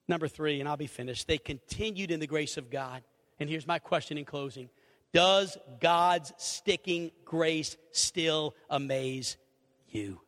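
A middle-aged man preaching a sermon, animated, acting out little conversations and swinging between loud and hushed. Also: on the high side, a little slow. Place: church sanctuary. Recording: reverberant hall.

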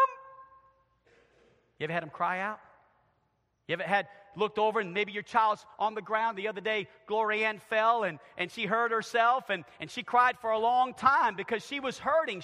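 A middle-aged man preaching a sermon as pastor in a church, moving from quiet, intimate asides to loud, shouted emphasis. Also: high-pitched. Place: church sanctuary. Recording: long church reverb.

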